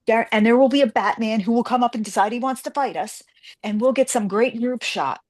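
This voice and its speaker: A woman's voice: a little high, a little fast, darkish tone. A woman guest author in a casual interview, telling stories animatedly and acting out the voices of the people she quotes.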